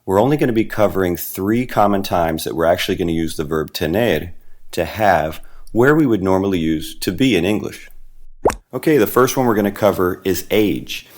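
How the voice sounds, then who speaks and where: A man narrating a beginner language lesson, explaining patiently step by step and slowing down on the foreign words. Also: deep voice, animated, darkish tone. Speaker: Spanish teacher.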